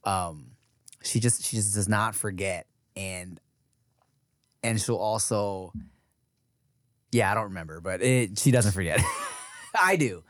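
A man in his thirties co-hosting a casual podcast, animated and joking, slipping into voices when he retells stories. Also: slow pace, pauses often, no echo, studio quality. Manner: animated, acts out his daughter's lines in a high voice. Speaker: podcast co-host.

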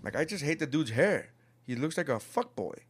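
A man in casual podcast chat, swearing a lot and acting out quotes with big shifts in loudness. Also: on the high side, fairly quick, breathy edge. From South Florida. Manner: animated, profane, acts out quotes.

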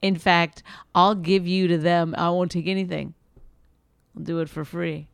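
Blunt, teasing woman with a smooth low voice. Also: level tone, unhurried, no echo, clean studio sound. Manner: blunt, teasing, cuts in with pointed questions. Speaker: podcast co-host. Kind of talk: casual chat.

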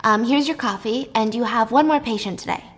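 A woman's voice: fairly high pitch, fairly quick, natural voice. A woman voicing an apologetic woman secretary in a film retelling.

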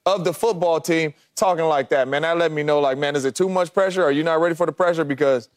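A man's voice: fairly high pitch, quick pace. A man co-hosting a sports talk show, making his case in a loose, conversational way, hammering his point with repeated phrases. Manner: conversational, repetitive emphasis with "like, come on, man". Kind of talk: sports debate.

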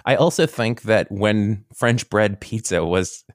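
Low-voiced man, rambling podcast chat. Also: unhurried, no echo, clean studio sound. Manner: rambling, animated storytelling with frequent restarts. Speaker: podcast co-host. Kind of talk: casual chat.

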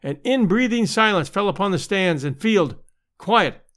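Male audiobook narrator, high and animated delivery, dramatic period sports tale. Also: normal speed. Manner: lively, expressive storytelling with voiced crowd shouts.

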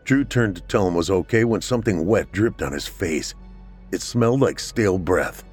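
A man narrating a scripted horror story in a steady, measured way. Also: low voice, breathy edge, soft background music.

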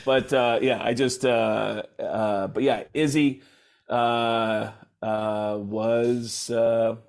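A man's voice: medium pitch, steady tone, extremely slow, gravelly, a little mellow. A man hosting a casual chat, rambling with lots of fillers and laughs.

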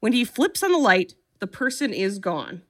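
A woman co-hosting a comedy podcast, recapping a horror film with lively storytelling and sarcastic asides. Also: mid-range voice, normal speed.

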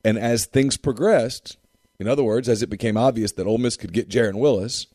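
A man's voice: mid-range voice, brisk, darkish tone, dry recording, clean studio sound. A man co-hosting a casual sports talk show with an emphatic, repetitive way of making his points. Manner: emphatic, repeats phrases for effect.

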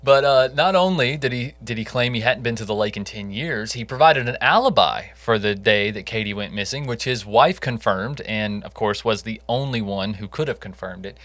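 A man's voice: on the low side, animated, moderate pace, few pauses, a bit bright, no echo. A man co-hosting a casual true crime podcast, telling the case in a conversational way with jokey asides. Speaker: podcast co-host.

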